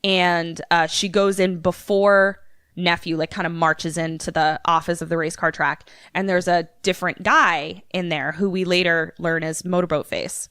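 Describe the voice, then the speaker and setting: A woman co-hosting a podcast, casually retelling a movie plot with swearing and animated character voices. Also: on the low side, moderate pace, clean tone, no echo, studio quality. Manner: animated storyteller, acting out characters' lines. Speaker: podcast co-host.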